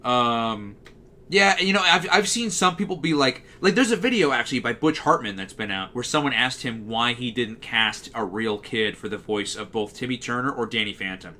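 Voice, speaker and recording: A man with a low bass-baritone voice chats casually as a livestream host. His tone is bright and forward, at an ordinary pitch for a man. He talks freely and answers messages from chat as they come in. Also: lively intonation, normal speed.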